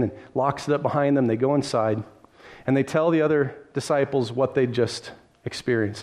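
A pastor telling a Bible story in a sermon, vivid and lively, with conversational asides. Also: male voice, mid-range voice.

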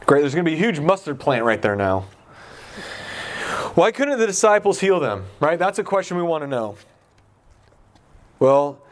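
A man giving an informal Bible teaching in a conversational way, asking his listeners questions as he goes. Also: high voice. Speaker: pastor.

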